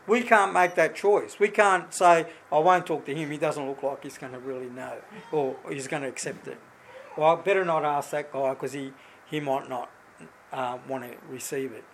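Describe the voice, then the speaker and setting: A middle-aged man with a high, light voice preaches informally to a congregation. He reads scripture and tells stories from his own life in a loose, conversational manner, often restarting his sentences. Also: moderate pace, slight background noise, rough recording. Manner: conversational, animated storytelling with many restarts. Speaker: lay preacher. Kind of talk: informal sermon with personal stories.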